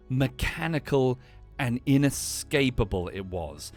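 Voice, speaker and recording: Animated British man riffing on a show. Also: mid-range voice, takes it slowly, pauses often, dry recording, faint music behind. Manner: animated, with many restarts and fillers. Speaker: streamer. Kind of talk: casual commentary.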